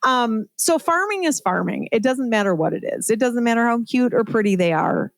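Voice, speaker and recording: A woman's voice: fairly high pitch, expressive, normal speed, creaky, no echo. A middle-aged woman telling her story as a podcast guest in a casual, chatty way, full of "like" and "right?" and laughing at herself.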